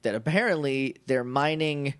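A man co-hosting a podcast, recapping an episode in casual chat with jokes and quick impressions. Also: medium pitch. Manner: jokey, animated retelling with quick bits of mimicry. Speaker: podcast co-host.

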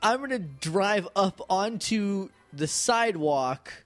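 A man at a tabletop game, joking around with a voice that rises and falls freely. He sits a little above the usual male pitch. He often laughs through his words. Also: expressive, slow, dry recording, soft background music. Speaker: player. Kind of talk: casual tabletop game chat.

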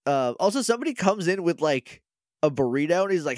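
Podcast co-host, man, slightly high voice, loose profane recap, dry close mic. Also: animated, fairly quick, dry recording. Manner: retells scenes by quoting characters, casual and profane. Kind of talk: casual chat recapping a TV episode.

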